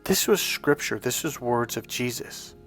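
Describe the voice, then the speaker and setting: A man's voice: mid-range voice, animated, a little slow, fairly bright tone, faint music behind. A man, a coach, telling a personal story in an earnest, rambling way, often correcting himself mid-sentence. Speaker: dating and healing coach.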